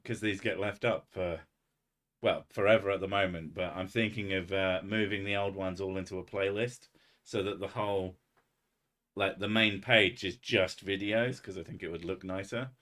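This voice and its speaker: A man's voice: low-pitched, moderate pace, fairly bright tone. Sweary, rambling man streaming. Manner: rambling, sweary and self-mocking. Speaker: streamer hosting a live chat. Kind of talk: casual live-stream chat.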